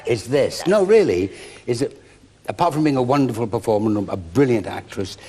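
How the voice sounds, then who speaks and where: An older man telling a backstage story in a theatrical, animated way. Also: mid-range voice, fairly quick, a little hiss or hum. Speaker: guest. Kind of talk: anecdote telling. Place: television studio.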